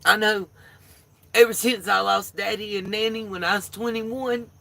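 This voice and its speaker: A woman's voice: mid-range voice, steady tone, moderate pace, vocal fry, bright, forceful tone, no room sound. A woman, the host of a livestream, telling a profane, colorful down-home story in a casual way.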